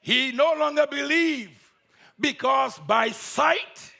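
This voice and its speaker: A man's voice: very high-pitched, takes it slowly, vocal fry, pushed and bright. A man preaching a sermon, telling a story with emphatic, repeated phrases.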